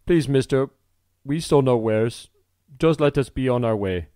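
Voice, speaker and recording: A man's voice: mid-range voice, a little slow, darkish tone, dry recording, clean studio sound, natural voice. A man voicing a skinny, hungry runaway man who speaks nervously and pleads. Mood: nervous pleading.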